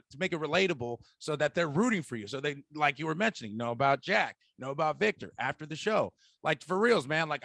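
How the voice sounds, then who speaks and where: A man's voice: fairly high pitch, gravelly, a bit bright, no echo. A man, a stand-up comedian, chatting on a podcast, rambling through long questions with many fillers. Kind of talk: casual podcast chat.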